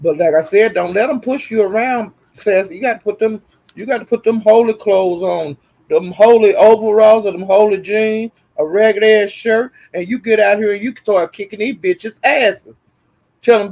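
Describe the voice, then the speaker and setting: A man talks straight to his viewers in a casual, profane livestream rant. He circles back on the same phrases again and again, swinging between fired-up declarations and lower, steadier reassurance. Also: moderate pace. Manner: animated, profane, repeats phrases for emphasis. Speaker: online commentator.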